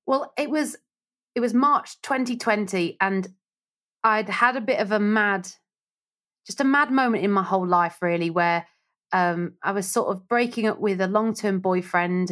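A woman radio presenter, a guest in an interview, telling stories in a lively chat and acting out the voices of the people she quotes. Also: medium pitch, moderate pace. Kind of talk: casual storytelling interview.

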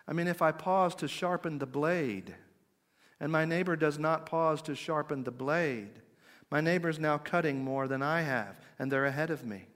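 A middle-aged man preaching a conversational sermon, asking his listeners questions and dropping to a quiet, slow voice for emphasis. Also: on the high side. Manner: conversational, asks the audience questions. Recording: long hall reverb.

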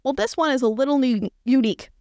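A woman's voice: high voice, quick pace, darkish tone, dry recording, studio quality, natural voice. A woman reading the lines of a cheerful male ogre from a cartoon, in a lightly voiced read-aloud way.

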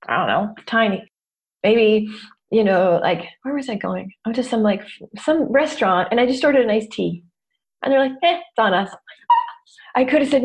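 A woman's voice: medium pitch, a little mellow. A woman hosting a self-help podcast, talking in a chatty, candid, self-mocking coaching way. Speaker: podcast host. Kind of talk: casual self-help talk.

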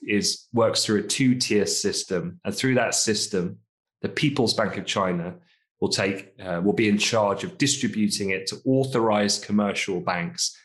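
A man's voice: lowish voice, a bit bright. A man from the UK co-hosting a casual finance podcast, chatty, laughing often and hedging with asides. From United Kingdom. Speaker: podcast co-host.

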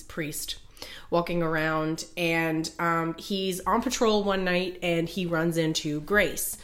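A woman's voice: on the low side, a bit bright. A young adult woman co-hosting a podcast, casually retelling a book's plot with lots of fillers and restarts. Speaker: podcast co-host. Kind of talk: casual book chat.

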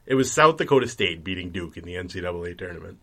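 A man's voice: sits low, expressive, quick pace, a bit bright. A man co-hosting a casual podcast, making sardonic, mock-grumbling jabs and wry comparisons. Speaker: podcast co-host.

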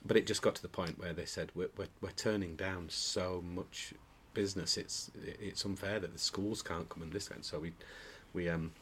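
His voice is low-pitched and fairly bright, with fairly even intonation, a normal speed, and hardly any pauses, over slight background noise. This man, a pantomime dame actor guesting on an indoor podcast, chats casually through jokey anecdotes, storytelling with many restarts and breaking into laughter.

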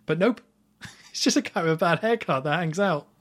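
A man's voice: a little high, normal speed, fairly bright tone. A man hosting a podcast, casually retelling film scenes at length, with lots of "like" and restarts. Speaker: podcast host. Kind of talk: casual film recap chat.

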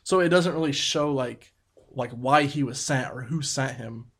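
A man co-hosting a casual podcast, speaking in a relaxed way with many fillers and reading out episode summaries. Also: mid-range voice, moderate pace. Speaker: podcast co-host. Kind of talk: casual chat.

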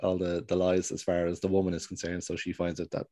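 Very deep-voiced man recapping a show. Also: monotone, quick pace, mellow, no room sound. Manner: rambling, hesitant storytelling. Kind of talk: casual chat recapping a TV show.

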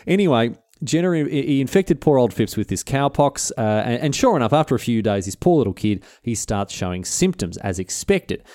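Aussie guy rambling through history, mellow voice, super dry close mic. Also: mid-range voice, animated, normal speed, no room sound. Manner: slangy, jokey, rambling. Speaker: podcast host. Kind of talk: casual history storytelling.

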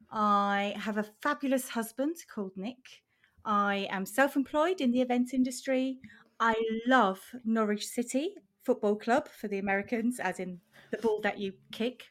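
A woman's voice: a little high, normal speed. A woman from Switzerland co-hosting a podcast, chatting casually and telling her story with frequent laughs. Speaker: podcast co-host. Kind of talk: casual chat.

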